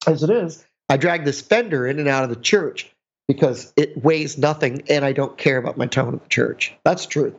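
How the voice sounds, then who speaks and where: Podcast co-host, middle-aged man, sarcastic rambler, muffled lo-fi sound. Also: fairly high pitch. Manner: rambling, self-mocking, sarcastic. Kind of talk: casual chat. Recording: dull lo-fi sound.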